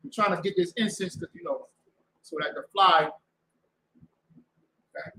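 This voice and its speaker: A man preaching as a show's host, loud and mocking, repeating himself and breaking into shouts. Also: sits high, moderate pace, roomy sound, a little hiss or hum, poor audio. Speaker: street preacher and show host. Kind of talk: fiery preaching talk. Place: indoor room with a door to the street.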